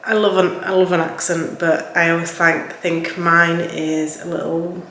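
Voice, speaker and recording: A woman's voice: fairly low pitch, level tone, unhurried, fairly bright tone. A young woman with a broad Yorkshire accent talks in a loose, rambling way, full of fillers. Her voice bounces around a hard, echoey kitchen. A faint hiss sits behind it. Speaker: cleaning vlogger. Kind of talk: casual vlog chat. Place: home kitchen. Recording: echoey room with faint background noise.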